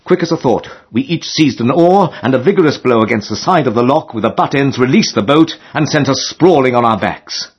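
Husky guy reading a funny old story aloud, lots of swoops in his voice, muffled recording. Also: mid-range voice, fairly quick, hardly any pauses. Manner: lively, expressive storytelling with dry humor. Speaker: audiobook narrator. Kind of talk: scripted narration of a comic novel. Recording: dull lo-fi recording.

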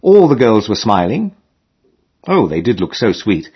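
A man narrating a comic novel in a lively, expressive way with dry humor, in a dull lo-fi recording. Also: on the low side, measured pace, slightly rough. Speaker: audiobook narrator.

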